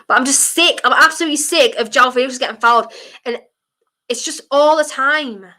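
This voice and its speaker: Passionate, bright-voiced woman football fan. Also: high-pitched, fairly quick. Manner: passionate, blunt, chatty opinions; bursts into shouting at fouls. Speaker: football watchalong streamer. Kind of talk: live match commentary and fan chat.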